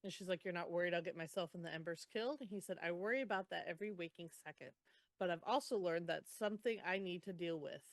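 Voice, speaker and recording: A woman's voice: fairly low pitch, fast talker, dry recording. Woman recapping a book, dry close sound. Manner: animated retelling, groans and laughs. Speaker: podcast co-host. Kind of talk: casual book recap chat.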